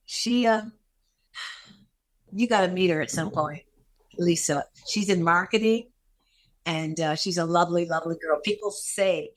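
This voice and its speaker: A woman's voice: on the low side, a little slow, long pauses. Older woman, podcast guest, personal storytelling, emotional, repeats phrases. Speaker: guest actress.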